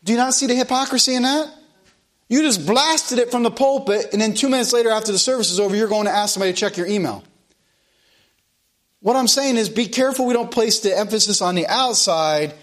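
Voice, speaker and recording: A man with a fairly high voice preaches a sermon. He speaks earnestly and leans on repetition to press his points. His delivery is plain and direct. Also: a little fast, fairly bright tone. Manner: earnest preaching, repeats phrases for emphasis. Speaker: pastor.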